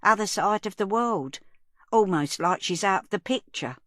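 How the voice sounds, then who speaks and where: In a studio-quality, dry recording, a woman voices a guileless, kindly older woman, pitching above her own natural voice with light acting. Her mid-range, slightly bright voice has lively intonation and normal speed, and the character chats in a gentle, homely, mild way.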